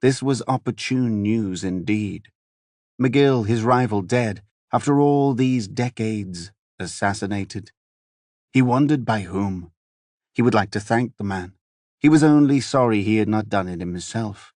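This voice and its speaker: A man with a lowish voice narrates a fantasy audiobook. He keeps an even, measured storytelling pace and drops softer on quiet lines. The sound is close and dry. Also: no room sound. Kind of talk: scripted narration.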